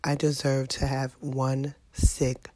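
A woman's voice: rumbling low, monotone, takes it slowly, darkish tone, no echo. Brief: sick, fed-up mom vlogger in her middle years, chatty and exasperated, dry close sound. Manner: exasperated, venting, chatty with viewers. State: sick with a sinus infection. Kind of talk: casual vlog monologue.

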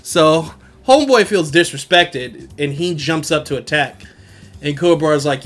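A man's voice: on the high side, normal speed, a bit bright. A young man hosting a podcast, recapping an anime in casual, slangy chat and laughing often. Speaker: podcast host.

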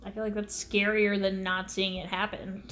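A young woman chats and tells stories in a relaxed, rambling way while a movie plays. Her voice sits at a middle pitch, and steady noise runs behind her. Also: moderate pace. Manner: chatty, storytelling, casual swearing. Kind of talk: casual chat while watching a movie. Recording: background noise.

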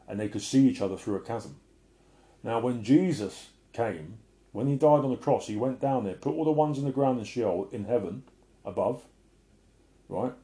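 A middle-aged man sharing an emotional personal testimony and preaching in an earnest way, often sinking to a soft murmur. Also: on the low side. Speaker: Christian speaker.

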